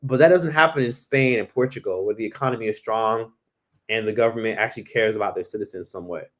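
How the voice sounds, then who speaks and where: A man with a lowish voice and quick pace hosts a casual live Q&A from home. He rambles, peppering his talk with "like" and "literally," and acts out the voices of the people he quotes.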